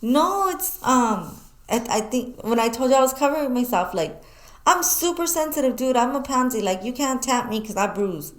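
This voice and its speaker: Animated, swearing woman talk-show host. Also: on the high side, moderate pace. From New Mexico, US. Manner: animated storyteller, swears freely. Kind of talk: casual chat. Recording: echoey room.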